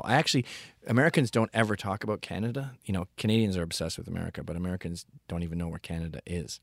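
A man with a fairly low voice delivers a ranting, profane comic monologue with deadpan asides. The recording is close and dry, with no room sound. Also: rapid-fire, gravelly, dry recording. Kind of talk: comedic storytelling monologue.

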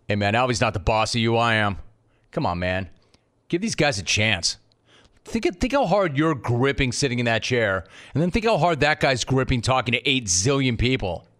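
A man's voice: medium pitch, normal speed, long pauses. Guy hosting sports talk radio, all over the place, ribbing his producer. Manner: animated, riffing, mock-scolding a producer. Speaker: radio show host.

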